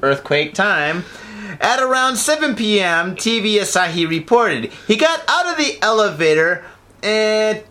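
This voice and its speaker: A man's voice: sits high, measured pace. A man co-hosting a podcast, reading news stories and riffing crudely with mock voices. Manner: animated, slips into mock gangster voices. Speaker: podcast co-host.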